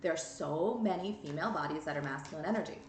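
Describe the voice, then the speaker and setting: A woman's voice: low-pitched, quick pace, a little hiss or hum. A woman giving a tarot reading straight to her viewers, blunt and emphatic, scolding them and urging them on. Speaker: tarot reader. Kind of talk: direct-to-camera tarot reading. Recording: echoey room with faint ambience.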